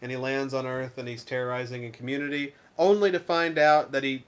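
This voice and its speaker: Rambling, animated male co-host. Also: mid-range voice, a little fast. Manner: rambling, animated, many restarts. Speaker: co-host of a game review show. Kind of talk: casual chat.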